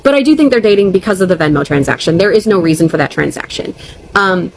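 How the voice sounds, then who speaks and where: A woman's voice: fairly low pitch, lively intonation, quick pace, vocal fry, slight background noise, poor audio. A young woman telling a storytime vlog, ranting and upset, blunt and profane, on the verge of tears. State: near tears.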